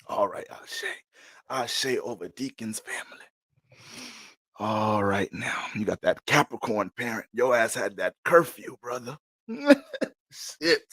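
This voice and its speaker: Profane, animated New man. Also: lowish voice, slow pace, no room sound. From New York. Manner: profane, laughing, animated, rambling. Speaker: astrology reader. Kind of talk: casual livestream reading.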